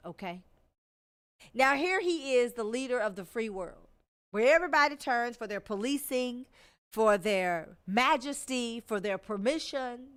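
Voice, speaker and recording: Animated woman hosting a talk show. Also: fairly high pitch. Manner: conversational, animated storytelling with asides to listeners. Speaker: podcast host. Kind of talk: casual commentary monologue.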